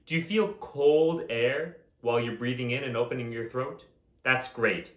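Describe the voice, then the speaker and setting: A man teaching a voice lesson in a calm, instructive way, with chanted vocal examples. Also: medium pitch, normal speed, roomy sound. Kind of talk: vocal lesson with sung demonstrations.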